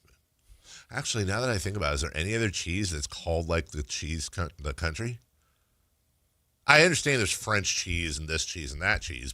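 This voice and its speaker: A man's voice: lowish voice, sharp tone, no echo. A man hosting a sports talk radio show, teasing and sarcastic in casual banter at a studio mic.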